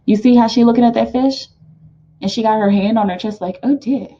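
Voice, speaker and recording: A woman giving a casual tarot card reading, rambling and animated, with many fillers and laughs. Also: fairly high pitch, brisk, dull audio.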